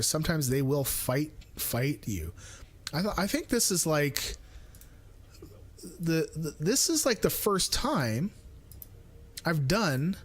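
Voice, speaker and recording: A man live-streaming a game in casual chat, thinking aloud, mumbling asides and teasing himself. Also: a little high. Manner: self-mocking and playful.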